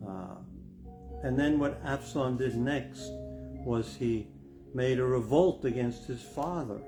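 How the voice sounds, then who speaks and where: A man's voice: medium pitch, slow pace. An older man, a pastor, preaching a sermon in an earnest, reflective way that builds to emphatic stress. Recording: music playing behind the voice. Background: guitar music.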